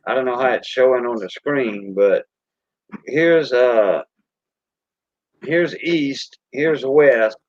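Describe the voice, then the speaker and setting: A man's voice: medium pitch, takes it slowly, long pauses. A man from the Louisiana Gulf Coast with a Cajun accent, hosting a casual, rambling live-stream chat in a folksy way. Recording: dull lo-fi stream audio.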